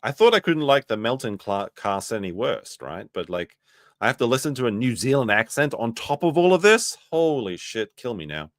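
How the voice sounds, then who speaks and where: A man hosting a commentary stream, reacting sarcastically to a clip, jumping between loud outbursts and muttered asides. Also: medium pitch, sing-song, moderate pace, dry recording, clean studio sound.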